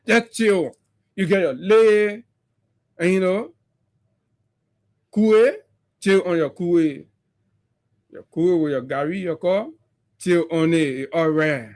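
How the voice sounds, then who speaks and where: A man's voice: high-pitched, darkish tone. A man with a Liberian English accent, hosting a radio talk show and delivering impassioned political commentary full of mockery and rhetorical questions.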